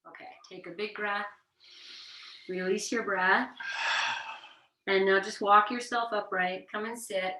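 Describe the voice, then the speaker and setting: A woman teaching a yoga class, giving gentle, encouraging breathing cues and demonstrating breath of fire out loud. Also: mid-range voice, steady tone, measured pace, long pauses. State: sweating from exertion. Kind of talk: guided yoga class instruction. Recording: roomy echo, voice heard from a distance.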